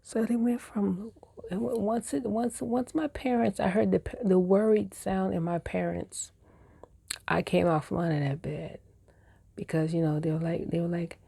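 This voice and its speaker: A woman's voice: medium pitch, fairly even intonation, moderate pace, creaky, warm tone, husky, dry recording. A woman in her forties telling childhood stories in a casual vlog, with a meandering, self-correcting way of reminiscing. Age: 40s. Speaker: vlogger. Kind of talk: casual personal storytelling.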